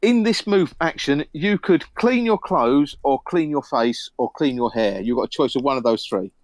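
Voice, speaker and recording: Guy running a tabletop game, lively up and down voice, rambles a bit, dry mic. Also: mid-range voice, moderate pace, no room sound. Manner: relaxed, rambling with fillers. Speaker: game master.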